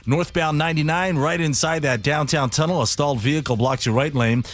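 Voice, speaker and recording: A man reading a radio traffic report in a brisk, clipped announcer style. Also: on the high side, dry recording. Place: radio studio.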